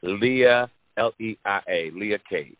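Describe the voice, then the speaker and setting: A man hosting a podcast, telling a long personal story to his audience in a lively, profane way, repeating lines for emphasis. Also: lowish voice, slow pace, no room sound. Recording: dry, phone-like narrow sound.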